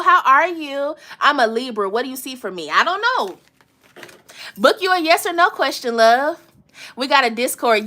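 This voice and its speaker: A woman's voice: high-pitched, bright, forceful tone. A woman giving a live tarot reading to her viewers, casual and slangy, swearing often and breaking into laughter. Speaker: tarot reader.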